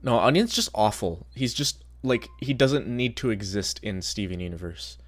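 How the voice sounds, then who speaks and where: Male streamer, casual rambling commentary, lively pitch, profane. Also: normal speed. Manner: rambling, swearing, excitable.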